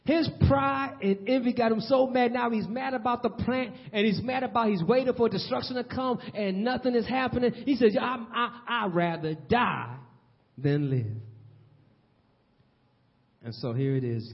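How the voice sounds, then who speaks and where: A man preaching a sermon in a church, swinging between loud and hushed delivery. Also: very high-pitched, animated, fairly quick, few pauses. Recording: long hall reverb, dull lo-fi sound.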